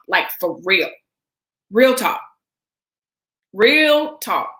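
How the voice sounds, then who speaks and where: A woman's voice: on the high side, bright, forceful tone. A woman hosting her own vlog, giving her opinions in a casual, emphatic rant and talking straight to her viewers with repeated phrases. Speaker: vlog host. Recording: roomy echo.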